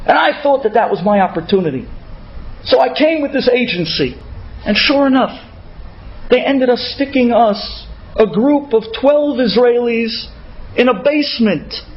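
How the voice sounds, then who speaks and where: A male rabbi telling an inspirational story in an animated way, sprinkling in Hebrew words. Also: extremely high pitch, highs cut off, a little hiss or hum.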